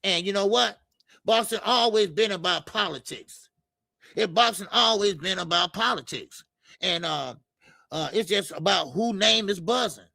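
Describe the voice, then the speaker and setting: Gravelly, high-voiced man hosting a boxing stream. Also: moderate pace, pushed and bright, dry recording. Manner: loose and profane, lots of filler stammers. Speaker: boxing show host. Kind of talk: casual live-stream chat reading comments.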